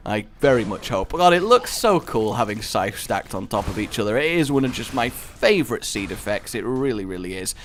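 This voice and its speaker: A young man commentating his own gameplay in a jokey, excitable way, breaking into loud, high exclamations. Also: slight background noise. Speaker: gaming video host. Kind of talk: let's play commentary.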